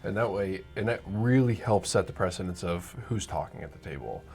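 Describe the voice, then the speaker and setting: A man's voice: low voice, animated, a little fast, creaky, darkish tone. A man who co-hosts a podcast and runs tabletop games, talking casually and often adding "you know". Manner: conversational, leans on "you know". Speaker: podcast co-host and dungeon master. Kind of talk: casual chat.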